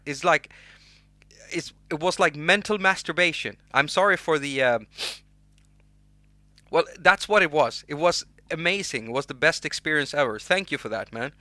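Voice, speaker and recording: A man's voice: fairly high pitch, animated, moderate pace, pushed and bright, no room sound. A young Swedish man with a Swedish accent, hosting an unscripted livestream and talking loosely with restarts while reading chat. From Sweden. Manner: rambling, restarts words, reads chat names aloud. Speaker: livestream host and music producer.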